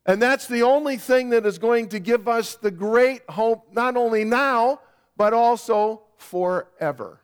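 A man preaching a sermon on a microphone, emphatic and repetitive, with bursts of loud stress. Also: very high-pitched, a little slow, clear, resonant tone. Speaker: pastor. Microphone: microphone on a sound system.

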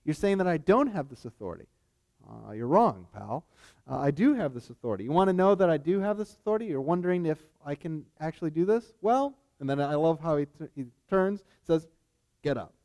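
A man's voice: on the high side, lively intonation, quick pace, few pauses, mellow. A man preaching a sermon in a casual, conversational way, often checking in with his listeners. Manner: conversational, frequent "right?" asides.

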